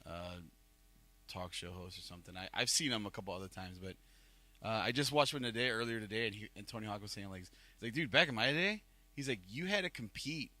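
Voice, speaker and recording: Man, Northeast Ohio accent, podcast host, rambling, lots of fillers, bright tone. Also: lowish voice, quick pace, no room sound. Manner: rambling storyteller, filler-heavy. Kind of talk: casual chat.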